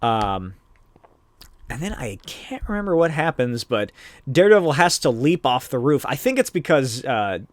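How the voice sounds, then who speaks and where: A man's voice: mid-range voice, sing-song, moderate pace, dry recording. A man hosting a podcast, recapping a comic book in a casual, rambling way with lots of filler words. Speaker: podcast host.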